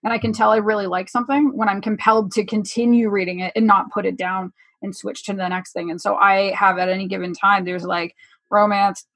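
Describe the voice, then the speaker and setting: Deadpan, husky woman joking dryly. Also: mid-range voice, fairly quick, dry recording. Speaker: podcast guest. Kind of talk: casual chat.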